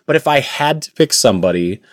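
A man's voice: medium pitch, expressive, brisk, no echo, studio quality. A young man from Indiana, a voice actor, chatting casually in an interview and laughing often between phrases. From Indiana, USA. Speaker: voice actor guest.

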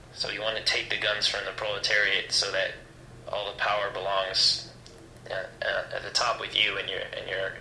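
A man who speaks hesitantly, stumbling over fillers in a casual comedic exchange. His voice is lowish and very bright, and it rings in an echoey room with faint ambience behind it. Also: a little hiss or hum. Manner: hesitant, many fillers and restarts.

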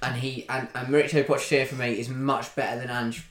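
A man's voice: medium pitch, little pitch movement, quick pace. Brief: male podcast co-host, dismissive and contrarian, recorded with a roomy echo. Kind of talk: casual football debate.

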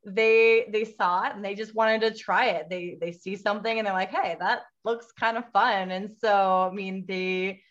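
An earnest woman guest speaking at a middling pitch, leaning often on "you know" as she goes. Her voice comes over an online call that sounds dull and lo-fi. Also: fairly even intonation, normal speed, hardly any pauses, a bit bright. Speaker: guest, mother of daughters. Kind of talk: casual interview chat.

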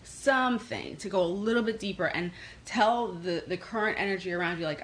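A woman from New York with a New York accent, hosting a casual tarot livestream and answering comments in a quick, energetic way. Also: mid-range voice, slight background noise, poor audio. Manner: fast-talking, energetic, reads comments aloud. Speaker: livestream host doing tarot readings.

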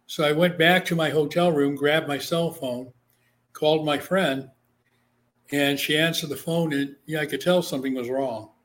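A middle-aged man, an author and interview guest, telling stories in a lively way and acting out the voices of the people in them. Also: fairly high pitch, moderate pace. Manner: animated, acts out the voices in his stories. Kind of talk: storytelling in an interview.

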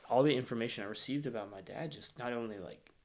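A man in his thirties from Arkansas with a slight Arkansas accent, recounting his childhood grief in an interview, close to tears and dropping to near-whispers. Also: medium pitch. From Northwest Arkansas, US. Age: 30s. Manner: reflective, slows and softens into near-whispers when emotional. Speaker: guest. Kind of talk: emotional personal interview.

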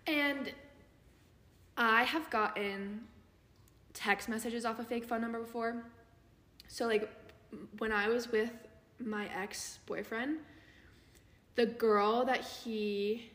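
A woman's voice: fairly high pitch, fairly even intonation, slow, pauses often, fairly bright tone. Chatty young woman, echoey room. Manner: chatty, heavy use of "like" fillers. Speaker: podcast co-host. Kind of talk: casual storytelling chat. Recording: echoey room with long reverb.

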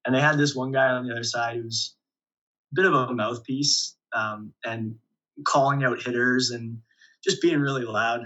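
A young man talks through his playing days in a relaxed interview, chuckling as he goes. His voice is bright and a little husky. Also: mid-range voice, dull audio. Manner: relaxed storyteller, many restarts and chuckles. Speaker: volleyball player guest. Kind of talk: casual interview storytelling.

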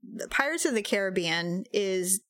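A woman's voice: medium pitch, moderate pace, no room sound, studio quality. A middle-aged woman co-hosting a podcast, telling a funny story in casual chat, acting out the voices of the people in it. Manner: animated storyteller, acts out quoted voices, laughs often. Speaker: podcast co-host.

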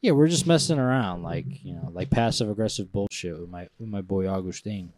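A man's voice: low-pitched, brisk, a little mellow, no room sound. A man co-hosting a podcast in casual chat, rambling and often stopping mid-thought. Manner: loose, rambling and self-interrupting. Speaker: podcast co-host.

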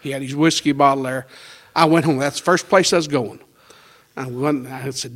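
At a moderate pace, a pastor with a mid-range, somewhat bright voice tells the story of his life in a homey, chatty way. He voices the dialogue of the people involved and lets out an occasional chuckle.

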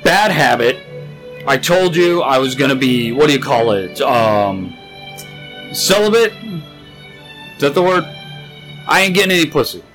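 A man's voice: medium pitch, sing-song, measured pace, pauses often, fairly bright tone, soft background music, low-quality recording. A young man co-hosting a podcast, rambling crude jokes and stories in casual chat. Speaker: podcast co-host.

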